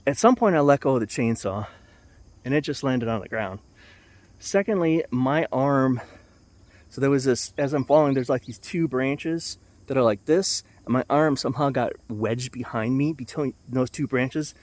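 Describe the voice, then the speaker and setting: A man's voice: mid-range voice, moderate pace, darkish tone. A middle-aged man with a mid-range voice tells a story to the camera in an easygoing vlog. He rambles, restarts his sentences and chuckles along the way. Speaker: vlogger.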